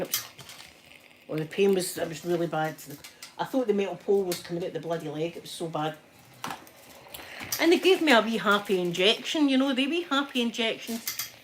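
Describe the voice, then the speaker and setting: A woman's voice: medium pitch, slight background noise. A Scottish woman hosting her own channel, chatting casually while ironing and telling stories with frequent laughter. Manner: chatty, storytelling, laughs often. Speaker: channel host.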